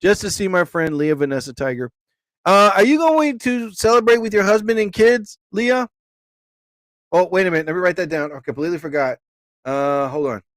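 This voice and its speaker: A man's voice: on the high side, no room sound. A man hosting a casual live stream, rambling and joking as he talks to his viewers.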